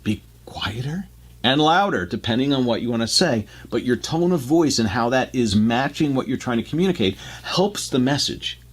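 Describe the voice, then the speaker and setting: Male radio co-host, mid-pitched, casual explainer with restarts. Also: animated, normal speed, hardly any pauses. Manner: explanatory, loose and chatty with restarts.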